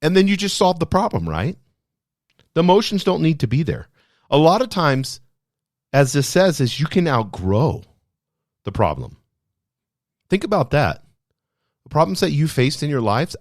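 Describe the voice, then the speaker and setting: Animated man giving a motivational talk. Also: on the high side, normal speed, pauses often, no room sound, clean studio sound. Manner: energetic, emphatic, rhetorical questions. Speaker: podcast host.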